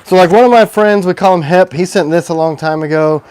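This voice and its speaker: A man's voice: sits high, a little fast, darkish tone, clear, resonant tone, no echo. A man hosting a casual livestream as a knife maker, rambling and self-deprecating.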